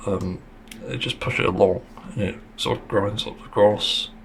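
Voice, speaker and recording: On his own casual podcast, a man talks at a moderate pace in a lowish voice with fairly even intonation. There's a little background noise, and his frank, blunt delivery is full of swearing and the occasional sarcastic aside.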